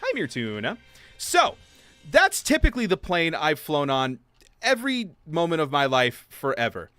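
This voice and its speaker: A young man livestreaming, casually telling a story while gaming, acting out quotes in high voices. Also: wildly swooping pitch, moderate pace, fairly bright tone, no echo. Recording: faint game music behind.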